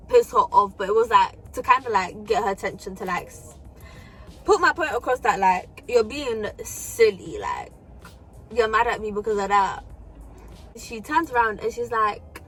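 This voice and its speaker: A woman's voice: on the high side, fairly bright tone. A young woman telling a storytime vlog in casual, slangy talk with frequent swearing and fillers. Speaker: vlogger.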